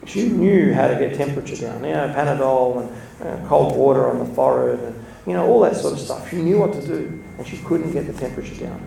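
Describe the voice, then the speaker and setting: A man delivers a relaxed, anecdotal sermon full of asides. His voice has a gravelly edge and sits at a middle pitch. He is picked up from across an echoey room with a faint hum of ambience behind him. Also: a little fast, hardly any pauses, distant mic. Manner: chatty, laughs between points, lively storytelling. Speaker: church speaker. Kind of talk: informal sermon with storytelling.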